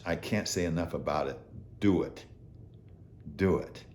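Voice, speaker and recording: A man's voice: sits low, a little mellow. A man in his seventies giving an earnest, motivational talk to viewers as host, telling stories with animation. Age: 70s.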